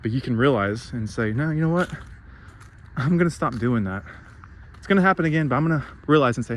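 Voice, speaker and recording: Man ranting, sarcastic, swearing, mid-pitched voice, faint background hiss. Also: animated, a little fast. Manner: sarcastic, mocks others in put-on voices; swears freely, heated and emphatic. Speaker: spiritual vlogger. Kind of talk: profane spiritual rant.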